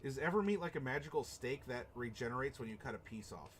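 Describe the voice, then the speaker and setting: A man's voice: medium pitch, expressive, quick pace, slight background noise. A man hosting a tabletop role-playing live stream, chatting casually and rambling with chuckles while reacting to chat. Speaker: stream host.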